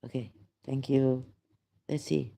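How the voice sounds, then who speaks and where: A man hosting a rambling livestream monologue, emphatic and indignant, halting often with fillers. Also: medium pitch, little pitch movement, creaky, warm tone. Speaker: channel host.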